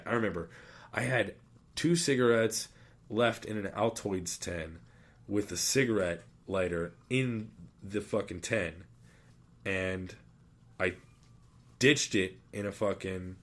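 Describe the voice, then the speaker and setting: A man hosting a podcast, telling rambling, profane stories in casual chat in a studio. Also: lowish voice. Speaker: podcast host.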